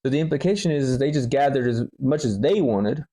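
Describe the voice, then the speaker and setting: A man's voice: medium pitch, animated, fast, a crowd in the background. A man co-hosting a casual Bible study chat, explaining scripture plainly and arguing his points. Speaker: co-host of a Bible study podcast.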